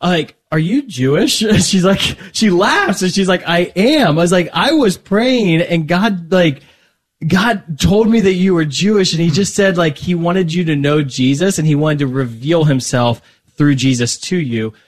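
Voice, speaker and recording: Talkative man with a higher voice. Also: expressive, measured pace. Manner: rambling, restarts often, acts out dialogue. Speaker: podcast guest. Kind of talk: casual faith conversation.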